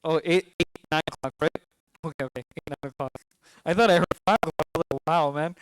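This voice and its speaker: A man's voice: fairly high pitch, quick pace, smooth, no echo. A man in his twenties with a New York accent, giving a conversational mosque talk to parents, asking the crowd questions and joking now and then. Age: 20s. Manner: conversational, asks the audience questions, jokes.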